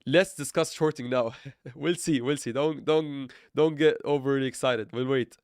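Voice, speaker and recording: A man's voice: medium pitch, moderate pace, darkish tone, clear, resonant tone, no echo. Sarcastic rambling man, dry sound. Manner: rambling, self-correcting, playfully sarcastic, laughs often. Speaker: crypto trading livestreamer. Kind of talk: live trading stream chat.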